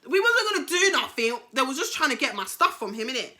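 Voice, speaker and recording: A young woman with a British accent tells a personal story in a casual storytime vlog, animated, slangy and full of swearing. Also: high-pitched, fast talker. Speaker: YouTuber telling a story.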